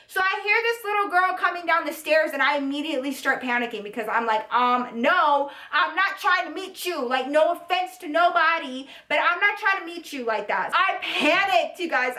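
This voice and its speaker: A woman's voice: sits high, pushed and bright. A young woman vlogger telling a profane, chatty storytime, full of "like" and "okay?". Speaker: beauty vlogger. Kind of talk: storytime vlog. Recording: echoey room.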